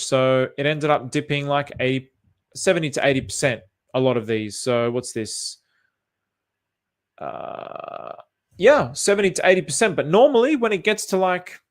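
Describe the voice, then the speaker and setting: Rambling Australian man reading chat comments. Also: on the high side. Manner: rambling, thinking aloud with many fillers and restarts. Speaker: crypto chart commentator. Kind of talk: casual livestream chat reading viewer comments.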